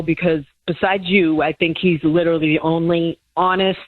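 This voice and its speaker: A woman calls in to a talk radio show and speaks hesitantly, filling her pauses with ums. Her voice comes through a thin, tinny phone line. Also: deep voice.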